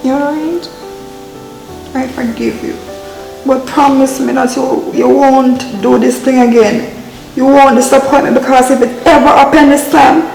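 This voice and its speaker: A woman playing a stern scolding mother. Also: high-pitched. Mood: tender stern. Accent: Jamaican. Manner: scolding, demanding, then softening. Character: stern but loving mother scolding her grown daughter. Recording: echoey room with soft music.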